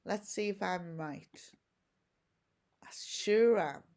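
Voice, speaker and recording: A woman's voice: on the low side, slow, darkish tone. A woman teacher giving a recorded home-learning lesson, explaining each step patiently and asking questions as she goes. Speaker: primary school teacher.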